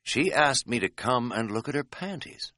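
A man's voice: medium pitch, lively intonation, moderate pace, bright, forceful tone, dry recording, clean studio sound, voice pushed up. A man voicing a crude, joking middle-aged male hiker who is folksy and pleased with his own quips, in an audiobook. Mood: folksy storytelling.

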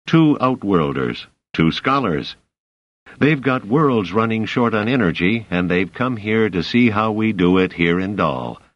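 An actor playing a commanding male supervisor in an audiobook, curt and wary, in a low voice with lively turns. The sound is dry and a bit muffled. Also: no echo.

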